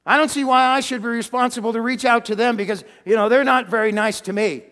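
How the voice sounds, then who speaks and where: A male pastor preaching a sermon, animated, with loud exclamations and hushed quiet lines. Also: very high voice, fast talker, big-room sound.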